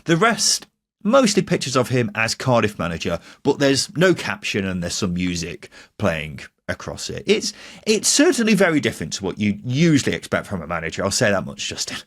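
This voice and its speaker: A man's voice: wildly swooping pitch, a little fast, no room sound, clean studio sound. A young man co-hosting a casual football podcast, chatty and often laughing as he talks. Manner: chatty, laughs often, drifts up in pitch when joking. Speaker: podcast co-host.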